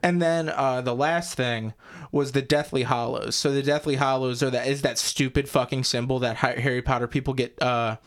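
A man's voice: medium pitch, steady tone, moderate pace. A young man co-hosting a casual podcast chat, ranting with lots of swearing and mocking put-on voices. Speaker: podcast co-host.

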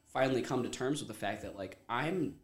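A man's voice: medium pitch, animated, fairly quick. A man around thirty, originally from Ohio, talking as a podcast guest. He tells his story candidly, in a rambling way full of "like" and casual swearing. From Ohio, USA.

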